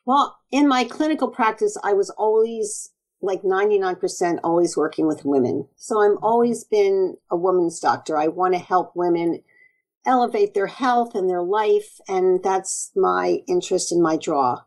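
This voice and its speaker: A woman naturopathic doctor speaks as an interview guest. Her delivery is earnest and animated, and she acts out quoted exchanges as she goes. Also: medium pitch, normal speed, low-quality recording. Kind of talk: conversational interview.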